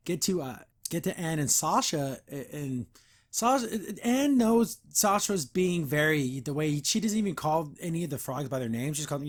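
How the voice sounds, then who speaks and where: A man's voice: on the high side, fairly quick. A man hosting a podcast, casually recapping an episode and acting out the characters' lines. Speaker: podcast host.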